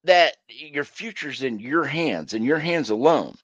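A man's voice: a little high, lively intonation, a little slow, a bit bright, dry recording. A man co-hosting a casual sports podcast from home on a headset, blunt and swearing as he rants. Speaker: podcast co-host. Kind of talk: casual chat.

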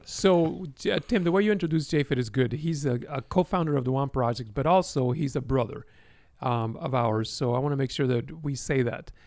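A man's voice: mid-range voice, a little fast, hardly any pauses, darkish tone, no room sound. A man hosts a podcast and asks his guest friendly questions. His voice sits in the middle range, recorded dry and close. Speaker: podcast host. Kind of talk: casual interview.

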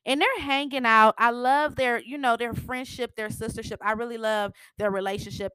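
A woman's voice: mid-range voice, a bit bright, smooth, dry recording. A woman giving a casual, sassy recap of a TV episode. She laughs often and acts out the characters' lines as she goes. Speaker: TV recap vlogger.

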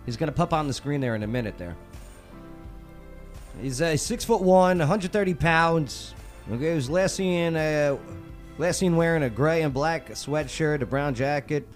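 A man's voice: a little high, normal speed, soft background music. A man hosting a local talk show, chatting loosely and joking with his cohost. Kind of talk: casual talk show chat.

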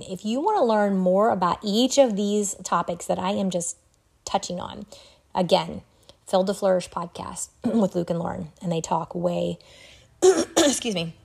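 A middle-aged woman hosting a solo podcast, talking in an earnest, reflective way with an occasional soft laugh. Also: fairly low pitch, creaky. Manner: earnest, reflective, laughs softly now and then. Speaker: podcast host. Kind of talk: solo podcast talk on wellbeing.

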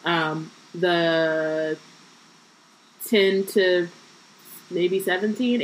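A woman's voice: lowish voice, steady tone, takes it slowly, long pauses, slight background noise, rough recording. A woman co-hosting a casual book-club podcast, reading passages aloud and breaking off into joking asides with plenty of fillers.

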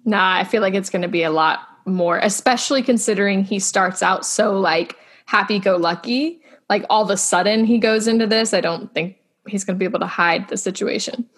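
A woman's voice: medium pitch, a little fast. A woman co-hosting a podcast, chatting casually and self-deprecatingly about a TV episode, full of questions. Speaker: podcast co-host. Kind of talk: casual chat recapping a TV episode.

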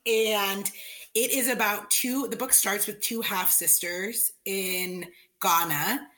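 A woman's voice: mid-range voice, slow, bright, forceful tone. A woman in casual chat, earnestly recommending a book she loves.

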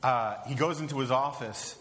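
A man winds through a rambling, self-amused story, voice at an ordinary middle pitch. He is recorded live in a big room with a long reverb tail and faint noise behind him. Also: moderate pace, a bit bright. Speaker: podcast panelist.

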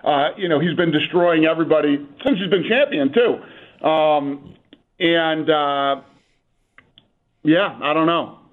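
A man calling in as a guest on a radio show, talking up fights with brisk enthusiasm and reeling off stats. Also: fairly high pitch. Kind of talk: phone-in radio interview. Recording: tinny phone line.

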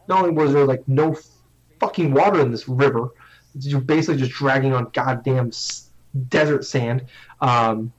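A young man tells a long story in loose, casual chat, cursing freely and poking fun at himself. His sentences trip and restart as he goes. The recording sounds slightly dull and lo-fi. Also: medium pitch. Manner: rambling, profane, self-mocking, restarts often.

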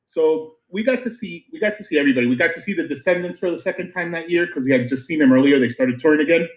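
A man's voice: a little high, racing. A man from Miami co-hosting a podcast, telling a story animatedly and laughing easily. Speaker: podcast co-host. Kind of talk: casual chat, storytelling. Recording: dull lo-fi recording.

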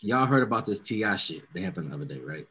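Young dude with a bright voice, lowish, cussing thru a story, gets loud acting it out. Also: male voice, fast talker. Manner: profane, animated storyteller, acts out quotes loudly. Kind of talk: casual storytelling chat.

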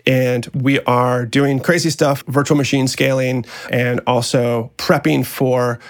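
Man, audio engineer type, loose podcast chat, animated storyteller who swears casually. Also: mid-range voice, slow. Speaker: audio engineer and software founder.

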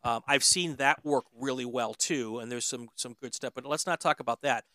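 Bright, crisp-voiced male podcast host. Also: medium pitch, moderate pace, no room sound. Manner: hesitant, lots of ums and uhs. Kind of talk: casual interview chat.

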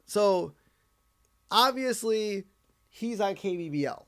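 A man's voice: high-pitched, slow pace. A man co-hosting a podcast, recapping a cartoon episode in casual chat and acting out quotes. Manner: animated, acts out quotes in put-on voices. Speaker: podcast co-host.

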